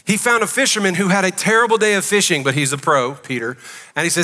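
A man's voice: high voice, lively intonation, brisk, pushed and bright, in a large hall. A man preaching a sermon as pastor, emphatic and conversational, asking the congregation questions. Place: church sanctuary.

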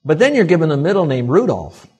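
A man preaching a sermon as a pastor, animated and swinging between hushed asides and loud, emphatic lines. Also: on the high side, fast talker, husky.

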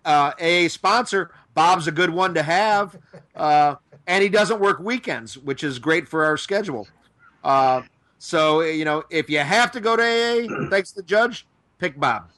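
A tipsy man co-hosting a podcast, cracking deadpan jokes and stammering over words. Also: high voice, unhurried. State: tipsy from drinking. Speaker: podcast co-host. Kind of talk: casual podcast banter.

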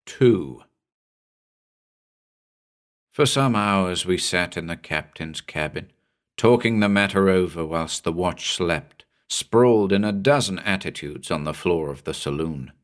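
A man narrating a horror story in a measured, suspenseful reading. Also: sits low. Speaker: audiobook narrator.

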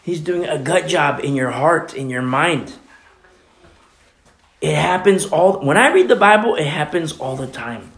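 A man's voice: a little high, lively intonation, measured pace, a bit bright, echoey room. A man preaching a sermon as pastor, with emphatic, repetitive, conversational delivery. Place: church.

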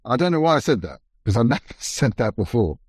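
A man who led an expedition, recounting events in a measured, reflective, halting way during a conversation. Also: mid-range voice, sing-song, a little mellow, slightly rough, no room sound. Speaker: expedition leader.

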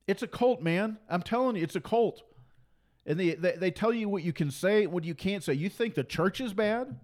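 Fiery high-voiced male preacher. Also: normal speed, darkish tone. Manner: fiery, repetitive, mocking. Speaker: Christian preacher and commentator. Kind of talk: impassioned preaching monologue.

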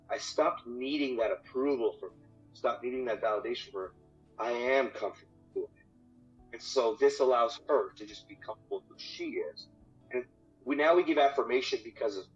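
A man's voice: mid-range voice, fairly quick. A man guest in an interview, talking casually and with energy, swearing freely and repeating words, about marriage. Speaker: podcast guest, marriage coach. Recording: dull lo-fi audio with faint music.

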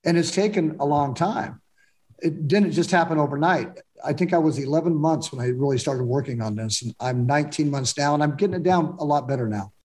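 A man speaking reflectively in a candid, casual conversation, often pausing and restarting. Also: on the high side, darkish tone.

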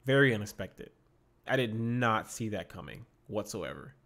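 A man co-hosting a podcast, chatting casually about a film, excitable and often repeating words as he goes. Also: lowish voice, normal speed. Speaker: podcast co-host. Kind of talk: casual movie review chat. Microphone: podcast microphone.

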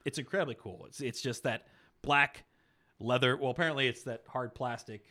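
Bright-voiced man chatting about movies. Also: medium pitch, brisk. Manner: animated, laughs often, many restarts. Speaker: podcast co-host. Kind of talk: casual movie chat.

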